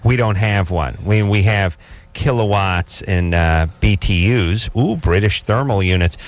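A man hosting a radio call-in show, telling stories and ribbing callers in sarcastic, animated banter. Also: fairly low pitch, measured pace.

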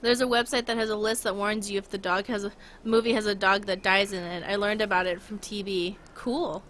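A woman's voice: mid-range voice, a bit bright, slight background noise. A young woman streaming a game, chatting casually and rambling with giggles, talking to her chat and her dog.

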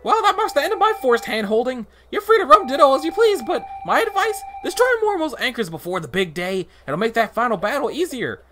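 A man's voice: very high voice, big pitch swings, fairly quick, hardly any pauses, over music, voice pushed up. A man voicing a chatty, wisecracking floating dung beetle creature in a game playthrough, talking in a breezy, self-satisfied way. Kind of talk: video game voice acting.

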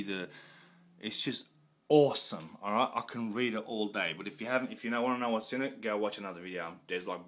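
Aussie bloke, lowish forceful voice, hyped home unboxing, swears a lot. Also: male voice. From Australia. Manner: excitable, loud and swearing, repeats himself. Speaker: collector showing off a box set. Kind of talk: excited unboxing vlog. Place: room at home.

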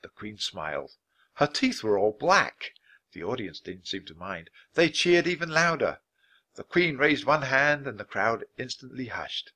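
A man reading a children's book aloud, clear, steady and expressive. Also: mid-range voice, measured pace. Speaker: story reader.

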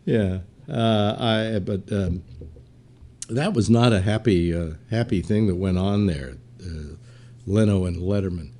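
This older talk show host spins rambling stories in a casual chat, leaning on fillers and doing playful voices for quotes. He speaks slowly and expressively in a lowish, mellow voice, with long pauses.

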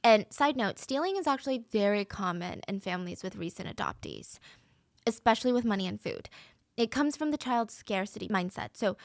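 A woman's voice: medium pitch, expressive, a little fast, vocal fry, no echo, studio quality. A woman hosting a true crime podcast, telling the story in a chatty, conversational way. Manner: chatty, conversational, acts out quotes.

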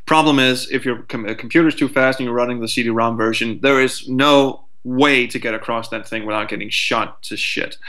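A man talking as a guest on a casual podcast, animated and swearing freely, who acts out what a frustrated player would think. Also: mid-range voice, brisk, hardly any pauses.

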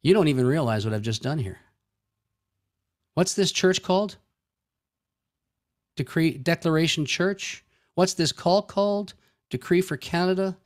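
A man's voice: on the high side, animated, a little slow, pauses often. A male pastor preaching a sermon in a folksy, joking way, acting out everyday conversations.

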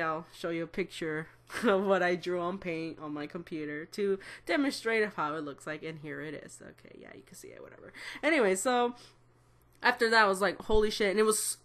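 A woman's voice: on the low side, lively intonation, moderate pace, a bit bright. A woman in her twenties rambling through a personal story to camera, swearing and correcting herself as she goes. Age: 20s. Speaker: vlogger. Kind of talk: casual storytelling.

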